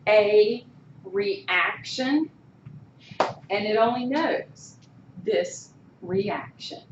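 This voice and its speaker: A woman teacher lectures a class slowly, her slightly high voice rising and falling with lively animation. She keeps checking in with the students and tossing them questions. She is recorded from far off in an echoey room, and the sound is a little muffled. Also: slight background noise. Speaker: college instructor.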